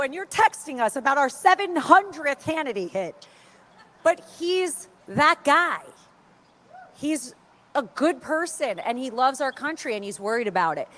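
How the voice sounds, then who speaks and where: A woman telling animated stories to a crowd and acting out the voices of the people she quotes. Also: sits high, measured pace. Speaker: speaker at an event. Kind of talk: storytelling speech to a crowd.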